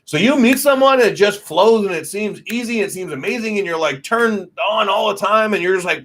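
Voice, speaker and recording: A man's voice: high-pitched, lively intonation, fairly quick, hardly any pauses, fairly bright tone. Loose, profane man hosting astrology talk. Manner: loose and profane, many fillers; reads and answers viewer comments. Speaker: astrology host. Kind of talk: casual livestream talk.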